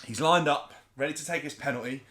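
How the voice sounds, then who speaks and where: A man, co-hosting a podcast and telling a story in an animated, chatty way. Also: fairly high pitch, quick pace. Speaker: podcast co-host. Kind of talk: casual storytelling chat.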